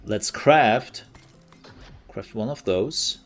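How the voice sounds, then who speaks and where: A laid-back man streaming a game, talking at an unhurried pace and chatting casually as he plays. Faint game music sits behind his mid-pitched voice. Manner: relaxed, chatty, thanks viewers. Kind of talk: casual gameplay commentary.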